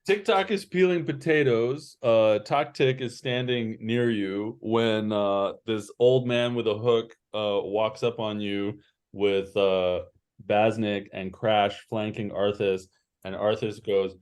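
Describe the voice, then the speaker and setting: A man narrating as game master in an online tabletop game, in a measured, plain way. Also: on the low side, steady tone, a little mellow, smooth.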